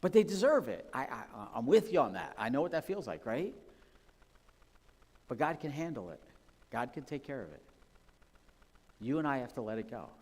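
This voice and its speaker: A man's voice: mid-range voice, big pitch swings, normal speed, long pauses. Pastor, man, chatty sermon delivery, church hall with long reverb. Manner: conversational, personal and full of asides. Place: church sanctuary.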